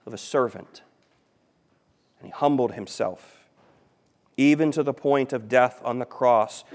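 A man preaching a sermon as pastor, emphatic, repeating key phrases and swinging between loud stress and quiet. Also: mid-range voice.

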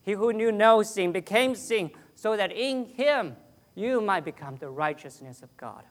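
A pastor preaching a sermon, earnest and deliberate, with long pauses and sudden drops to a soft voice. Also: male voice, high voice, lively intonation.

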